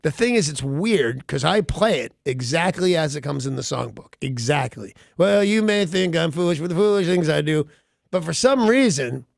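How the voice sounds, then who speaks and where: A man's voice: a little high, animated, moderate pace, vocal fry, dry recording, studio quality. A man hosting a morning radio show, telling a rambling story with wry self-mocking humor. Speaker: radio host. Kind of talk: casual morning radio chat.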